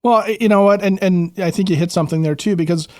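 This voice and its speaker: A Chicago man co-hosting a podcast argues his case by stacking up rhetorical questions. His voice sits a bit high and sounds close and dry. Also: quick pace, darkish tone, no room sound. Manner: rhetorical, building an argument with questions. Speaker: podcast co-host. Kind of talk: casual chat.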